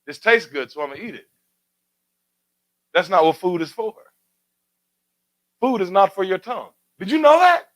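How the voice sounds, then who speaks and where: A man's voice: high voice, lively intonation, moderate pace, long pauses, fairly bright tone, no room sound, rough recording. A man hosting a community talk show, speaking in a preacherly way with rhetorical questions and building emphatic refrains. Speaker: radio show host. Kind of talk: community talk radio commentary.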